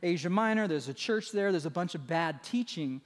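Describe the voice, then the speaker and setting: Conversational pastor preaching in a reverberant hall. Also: male voice, high voice, expressive, moderate pace. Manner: conversational, asks "right?" often, restarts phrases. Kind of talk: sermon. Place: church sanctuary.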